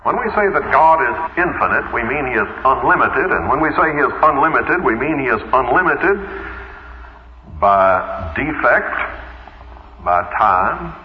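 A man's voice: medium pitch, lively intonation, a little slow, a little hiss or hum. A man teaching the Bible in a radio sermon, conversational, with rhetorical questions and homely asides. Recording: echoey hall, dull old radio broadcast.

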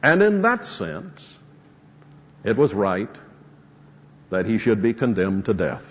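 A man's voice: fairly low pitch, very animated, takes it slowly, husky. A man preaching an expository sermon, reading scripture verses and explaining them with rising emphasis. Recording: muffled hall recording with long reverb.

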